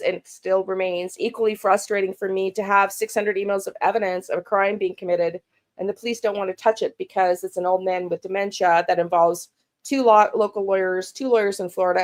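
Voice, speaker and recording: A middle-aged woman from Canada speaks in a personal vlog monologue. She restarts often and repeats words as she goes. Her tone is frustrated and blunt, with casual swearing. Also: mid-range voice. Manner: halting and emotional, frequent restarts and repeated words. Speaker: true crime channel host.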